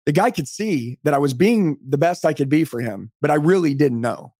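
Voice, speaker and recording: A man's voice: fairly high pitch, lively intonation, normal speed, darkish tone, no room sound, clean studio sound. A middle-aged man telling his story as a podcast guest on a call, emphatic and motivational. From United States. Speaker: podcast guest, sales trainer. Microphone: remote call.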